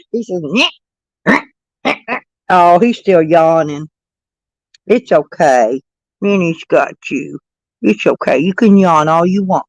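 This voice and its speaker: A woman's voice: medium pitch, no echo, poor audio. Older woman cooing baby talk. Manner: sing-song baby talk to a grandchild, laughing often. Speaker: vlogger and grandmother. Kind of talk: casual live-stream chat.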